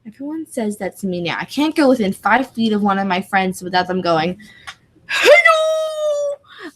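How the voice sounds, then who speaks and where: A woman's voice: medium pitch, brisk, low-quality recording. A woman co-hosting a tabletop gaming podcast, giggly and scattered, full of "like". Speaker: podcast co-host and convention game master. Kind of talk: casual chat.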